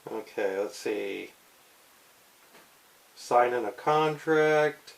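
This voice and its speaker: Playful dad reading a comic aloud. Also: male voice, mid-range voice, animated, drawn-out words, vocal fry, rough recording. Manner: playful, slips into goofy character voices. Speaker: father reading a comic book aloud to his daughters. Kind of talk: casual read-aloud with commentary.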